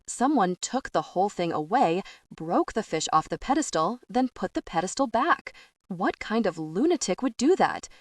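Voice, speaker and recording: A woman voicing an agitated man who shouts and turns sarcastic, in an audiobook. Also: mid-range voice, very animated, moderate pace, dry recording, studio quality, recorded from a distance. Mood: angry, sarcastic.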